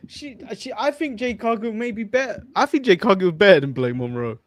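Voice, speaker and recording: London-accented male co-host, high voice, dry sound, blunt and interrupting. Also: expressive, a little fast, no room sound. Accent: London English. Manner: blunt, cuts in to disagree. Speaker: podcast co-host. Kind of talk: casual wrestling chat.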